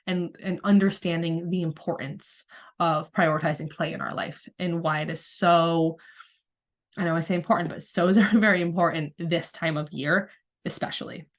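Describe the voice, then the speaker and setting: Lady coach with a cold chatting on her podcast, soft and rambly, a bit low pitched. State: has a cold. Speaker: spiritual coach and podcast host. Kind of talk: casual solo podcast monologue.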